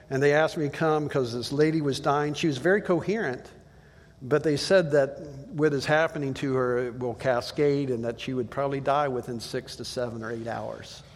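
Male pastor, relaxed conversational sermon, plainspoken storyteller, long hall reverb. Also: a little high, moderate pace.

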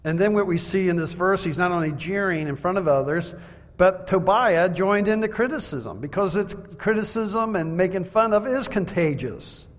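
Man preaching a sermon with measured rhetorical questions; fairly high voice, recorded in a large reverberant hall.

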